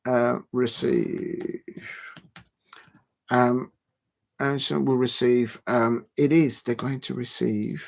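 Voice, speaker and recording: A man hosting a football livestream in casual chat, rambling and halting with many fillers and frequent chuckles. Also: mid-range voice, level tone, vocal fry.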